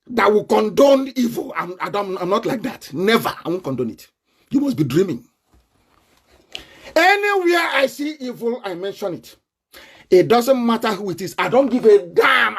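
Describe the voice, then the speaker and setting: Nigerian guy ranting live online, defiant, laughs a lot, shouts at times. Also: high-pitched, breathy edge. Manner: defiant, combative, laughs often and breaks into shouting. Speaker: broadcaster. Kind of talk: live online political broadcast.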